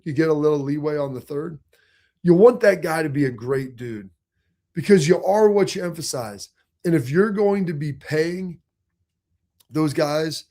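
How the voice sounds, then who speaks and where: Energetic sports talk host, a man. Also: fairly high pitch. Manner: energetic, emphatic, conversational. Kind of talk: casual sports talk commentary.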